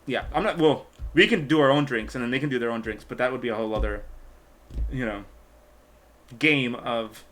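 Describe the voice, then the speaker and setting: A male host chats on a casual live stream, rambling with plenty of fillers and half-finished thoughts. His voice sits at an ordinary middle pitch for a man. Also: a little fast, fairly bright tone. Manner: rambling, trails off, lots of fillers.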